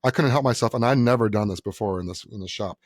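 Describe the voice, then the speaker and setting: Animated, cursing man on a podcast. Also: lowish voice, fast, dry recording, clean studio sound. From New York. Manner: animated storyteller, acts out quotes, swears freely. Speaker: podcast co-host. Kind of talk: casual chat.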